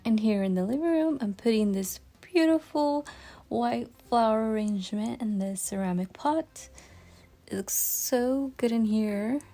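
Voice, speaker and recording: A woman's voice: a little high, unhurried, mellow. A woman voicing a cheerful young doll mother, talking sweetly in a toy play video. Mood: content. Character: cheerful young doll mom, upbeat and doting.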